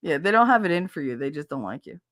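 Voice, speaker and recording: A woman's voice: low voice, very animated, fast, a bit bright, dry recording, clean studio sound. Brash, swearing woman chatting on a stream. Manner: brash, swearing, laughing, mimics accents. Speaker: podcast host reading chat. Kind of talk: casual livestream chat.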